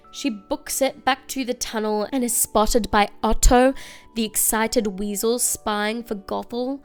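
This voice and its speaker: Young woman recapping a movie, smooth clear voice, wry little asides, faint music behind. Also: a little high, fairly even intonation. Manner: chatty, wry, rapid asides. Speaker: video essay host. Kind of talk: casual comedic recap commentary.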